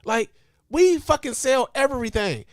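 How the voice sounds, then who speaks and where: A man hosts a comedic podcast with a high, bright-sitting voice, speaking right into the microphone with no room sound. He rants with profane mock outrage, then drops to low mutters and chuckles. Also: expressive, unhurried, no room sound, clean studio sound. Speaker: podcast host.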